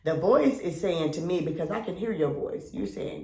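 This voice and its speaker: A woman co-hosting a podcast, telling a long story in a loud, animated way, acting out her friends and swearing freely. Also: lowish voice, moderate pace, few pauses. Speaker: podcast co-host. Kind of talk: casual chat. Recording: roomy echo.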